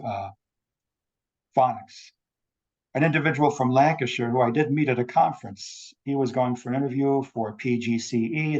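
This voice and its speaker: A man giving an academic talk over a video call, measured and explanatory. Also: mid-range voice, darkish tone, lo-fi sound. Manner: measured lecturing, quotes examples. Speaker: academic speaker. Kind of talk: online forum talk.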